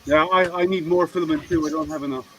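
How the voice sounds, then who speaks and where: Man host, casual teasing chatter on a video call, fairly high voice. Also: steady tone, fast talker, background noise. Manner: chatty, teasing, laughs often. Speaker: host of a group video hangout. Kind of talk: casual group chat.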